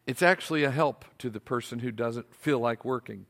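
A male pastor preaching a sermon, asking his congregation rhetorical questions in an animated way. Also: medium pitch, brisk.

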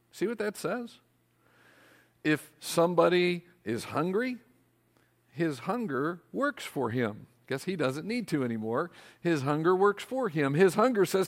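A male pastor preaching a sermon, asking his congregation rhetorical questions in an animated way. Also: on the high side, unhurried.

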